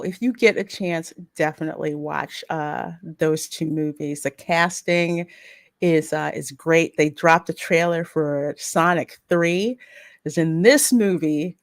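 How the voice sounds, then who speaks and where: Low, unhurried woman podcast host. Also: no room sound, studio quality. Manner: opinionated, animated, laughs often. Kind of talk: casual pop culture chat.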